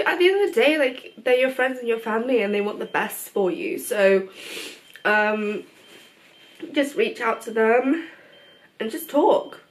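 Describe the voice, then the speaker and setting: Chatty young woman giving a life update. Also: on the high side. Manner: chatty, open, laughs often, many fillers. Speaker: vlogger. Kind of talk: casual life update to viewers. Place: at home.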